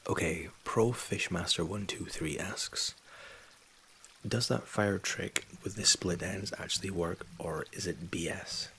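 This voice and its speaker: A man in his thirties, born in England and raised in Scotland, hosting a soft-spoken ASMR Q&A from a home setup on a condenser mic. He talks in a soft, low-key way and often drops into whispers. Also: measured pace, gravelly, slight background noise. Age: 30s. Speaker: ASMR channel host. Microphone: USB condenser mic.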